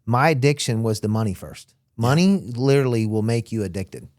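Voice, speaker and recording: A man's voice: mid-range voice, brisk, dry recording. Man, from Florida, interview guest, casual storytelling, acts out quotes, dry close sound. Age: young adult. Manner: animated, acts out quotes of others. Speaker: interview guest, former smuggler.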